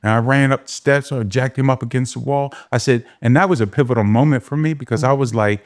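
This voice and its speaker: A man's voice: medium pitch, steady tone, fast talker. A man being interviewed as a guest, telling his life story in a candid, emphatic way. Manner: candid, emphatic, gets emotional. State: emotional, near tears.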